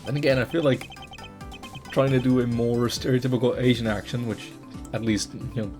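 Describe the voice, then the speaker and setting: A man's voice: medium pitch, steady tone, fairly quick. Swearing let's play man. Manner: crude asides, swearing, loud. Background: game music.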